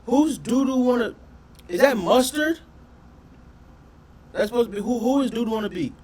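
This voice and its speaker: A man doing casual reaction commentary on his channel, talking in an animated, profane way and often questioning his audience. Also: extremely high pitch, normal speed. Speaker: reaction streamer.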